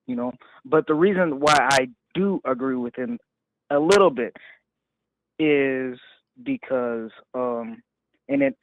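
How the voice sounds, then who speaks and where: A man's voice: medium pitch, creaky, no echo. A male caller from Arizona, a military veteran, talking hesitantly with stammers and nervous laughs. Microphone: phone call. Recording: tinny dry phone line.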